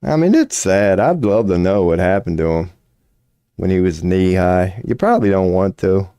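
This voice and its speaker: A man's voice: deep voice, normal speed, dark tone, smooth, no room sound, clean studio sound. A man streaming a casual rant, profane and mocking, with a drawling delivery at his computer.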